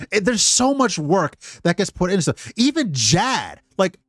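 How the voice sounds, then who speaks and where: A man's voice: high-pitched, very animated, unhurried, dry recording, clean studio sound. A Scottish man giving casual live-stream commentary, rambling and profane, with many restarts.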